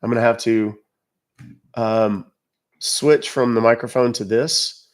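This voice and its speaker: A man's voice: medium pitch, fairly even intonation, takes it slowly. A chatty American man talks casually on a livestream, answering his viewers' comments one after another. He speaks bluntly and plainly, with a mid-range voice. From United States. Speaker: livestream host.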